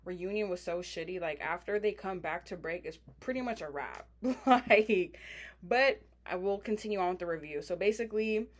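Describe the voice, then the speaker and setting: A woman's voice: fairly low pitch, fairly quick, hardly any pauses. A woman casually recapping a reality TV reunion in blunt, profane slang.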